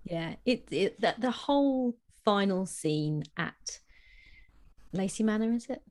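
A woman's voice: medium pitch, animated, takes it slowly, darkish tone. A woman co-hosting a book podcast, chatting casually and restarting her sentences. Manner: hesitant, restarts sentences, laughs often. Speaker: podcast co-host. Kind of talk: casual chat.

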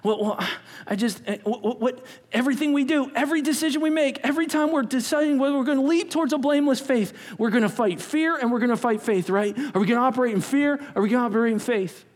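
A man preaching a sermon as pastor, animated, acting out quotes and dropping to whispers. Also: very high voice, fast, few pauses. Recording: long hall reverb.

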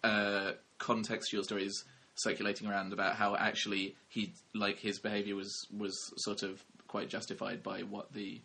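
A man's voice: fairly low pitch, completely flat delivery, moderate pace, vocal fry, hardly any pauses, sharp tone, a little hiss or hum. A young man co-hosting a film podcast, rambling wryly in casual chat and correcting himself. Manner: wry, rambling, self-correcting. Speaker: podcast co-host, film critic.

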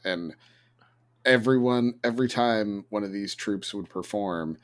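A man's voice: lowish voice, unhurried. A man in his thirties chatting casually on a podcast, telling a story in a dry, wry way. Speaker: podcast co-host. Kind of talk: casual chat.

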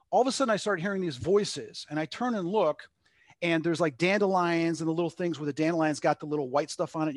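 On a dry, studio-quality recording, a middle-aged man from Long Island, New York, who works as a medium, shares a rambling personal story as an interview guest. His voice is a little high and a bit bright, and he acts out quotes, saying "like" frequently.

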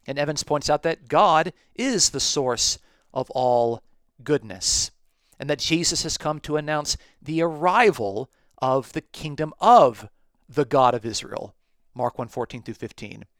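A man hosting a talk podcast, reading from commentaries and explaining them in a measured way. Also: mid-range voice, fairly bright tone, no room sound. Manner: measured, explanatory, quotes sources aloud. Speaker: podcast host.

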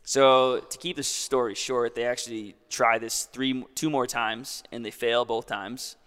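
A man's voice: mid-range voice, fairly even intonation, unhurried, fairly bright tone, clean tone, in a large hall. A young man casually telling a long story as a guest, in a laid-back way full of "like".

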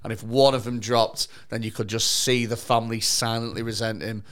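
A man's voice: medium pitch, fairly quick, clean tone. Sweary man telling stories. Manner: sweary, animated storytelling with frequent restarts. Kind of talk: casual chat.

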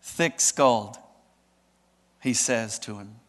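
A male pastor preaching a sermon in an animated, dramatic way, often asking the audience questions. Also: medium pitch, normal speed, long pauses, in a large hall.

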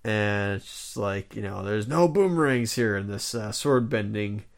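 A man's voice: lowish voice, animated, a little slow. A man co-hosting a podcast, chatting casually in a rambling way with many fillers and restarts. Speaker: podcast co-host. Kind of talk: casual chat.

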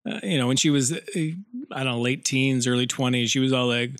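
A man in a loose, rambling podcast chat who laughs a lot and stretches his words out for comic effect. His voice sits mid-pitch and sounds dry and close, with no room echo. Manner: rambling, laughs often, slows down to drag out a joke. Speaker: podcast co-host. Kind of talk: casual chat.

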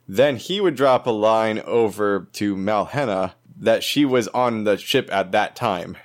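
Low-voiced man playing in a tabletop game. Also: unhurried. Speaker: player.

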